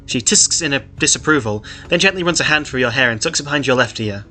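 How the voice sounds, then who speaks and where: A man's voice: mid-range voice, expressive, fast, hardly any pauses, pushed and bright, faint music behind. Chatty man reading a story aloud. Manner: chatty, laughs often, comments between passages. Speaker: reader of an online story. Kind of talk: casual read-aloud with commentary.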